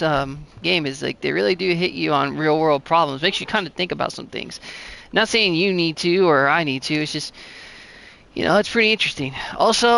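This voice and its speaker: A man's voice: sits high, gravelly, bright, forceful tone, smooth. A man doing casual, rambling commentary over a story game, chatty and full of fillers. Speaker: gaming channel host.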